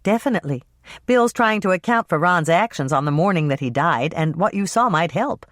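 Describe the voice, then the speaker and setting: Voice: medium pitch, lively intonation, brisk, fairly bright tone, no room sound, studio quality, natural voice. A narrator doing a wry, patient young baker woman.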